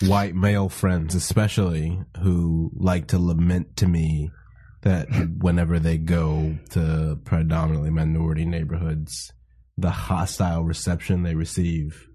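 A man's voice: sits low, level tone, measured pace, dark tone, slightly rough. Blunt, profane man in casual chat. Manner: blunt, profane, lots of fillers and restarts.

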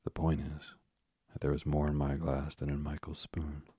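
A man's voice: rumbling low, monotone, moderate pace, warm tone, breathy edge, no echo, studio quality, full character voice. A man reading aloud, voicing a proud, pompous middle-aged father who blusters and pities himself. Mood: blustering. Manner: blustering, self-pitying.

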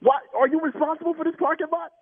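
Man, phone call, furious shouting, very high voice, tinny line. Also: fairly even intonation, fast, no room sound. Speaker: prank call victim. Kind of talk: heated phone argument.

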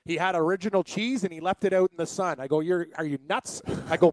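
A man co-hosting a sports radio show, trading jokes and getting loud when he argues. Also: high-pitched, fast talker, dry recording. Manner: boisterous, jokey, gets loud when arguing. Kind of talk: casual sports radio banter.

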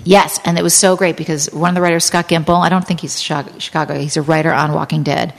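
A woman guest on a casual podcast chat, telling animated stories, acting out quotes and swearing freely. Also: deep voice, fast, creaky, long reverb tail. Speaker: guest actress and improviser.

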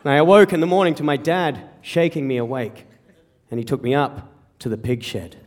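A young Australian man from rural South Australia telling a funny personal story on stage, animated and self-mocking, repeating himself as he rushes. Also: mid-range voice, in a large hall. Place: stage before an audience.

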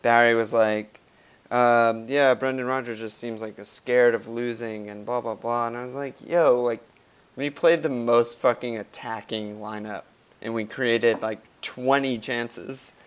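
An American man co-hosting a podcast, chatting casually about football, swearing often and telling lively stories. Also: mid-range voice, a little slow, clean tone. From United States. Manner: swears often, animated storytelling. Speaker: podcast co-host.

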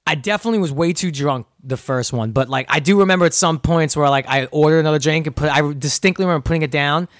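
A man's voice: a little high, quick pace, no room sound, studio quality. A young man, an actor guest, telling stories in a laid-back, wry way. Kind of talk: casual chat.

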